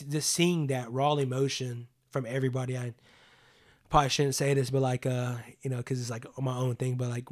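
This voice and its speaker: A man's voice: mid-range voice, a little mellow. Earnest young man telling stories. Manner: earnest, heavy use of "like" and "you know what I mean". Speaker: podcast guest. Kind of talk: casual personal storytelling.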